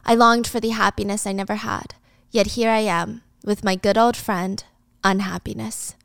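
A woman's voice: medium pitch, fairly even intonation, normal speed, vocal fry, no room sound, clean studio sound, lightly acted. Woman doing a betrayed dying wife. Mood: weary. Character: dying, betrayed young wife, weak but fierce.

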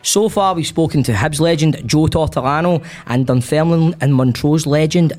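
A man's voice: on the high side, normal speed, darkish tone. A young Scottish man hosting a football podcast, chatting casually, swearing freely and laughing often. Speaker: podcast host. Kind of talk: casual chat.

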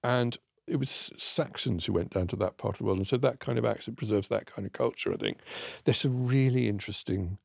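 A man's voice: on the low side, animated, a little fast, gravelly, slightly rough, dry recording, clean studio sound. An English man in his sixties, co-hosting a chat show, telling stories and asking himself questions that he then answers. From England. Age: 60s. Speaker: co-host. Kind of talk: conversational explaining.

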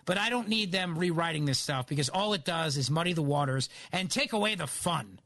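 Philly-accented male radio host, opinionated, high and bright. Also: brisk, no room sound. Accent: Philadelphia. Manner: animated, opinionated. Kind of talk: talk radio monologue.

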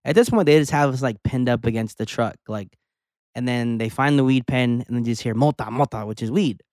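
A young adult man co-hosting a podcast, telling a story in a casual, animated way, acting out the dialogue and swearing. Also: mid-range voice, fairly quick, no room sound, clean studio sound. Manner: animated storyteller, acts out dialogue, curses, says "like" a lot. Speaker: podcast co-host.

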